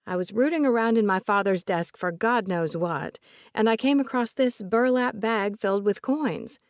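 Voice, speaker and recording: A woman voicing an older woman with a soft Southern accent, polite and remorseful, recalling family memories in a gentle, chatty way. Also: medium pitch, moderate pace, dry recording, clean studio sound, voice pushed up, lightly acted.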